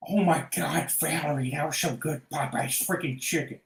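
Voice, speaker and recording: A man's voice: on the high side, normal speed, creaky, echoey room, low-quality recording. A man vlogging in a casual, rambling monologue, crude and swearing often.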